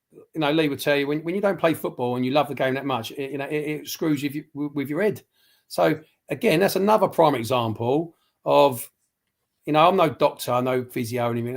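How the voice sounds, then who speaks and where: A man's voice: medium pitch, gravelly. A man giving his football opinions on a casual livestream, rambling and passionate, with many restarts. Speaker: football pundit.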